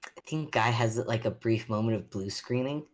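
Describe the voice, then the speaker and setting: A woman's voice: a bass voice, normal speed, a little mellow. A woman playing a tabletop game, chatting and thinking aloud with amusement. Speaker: player. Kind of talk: casual tabletop play.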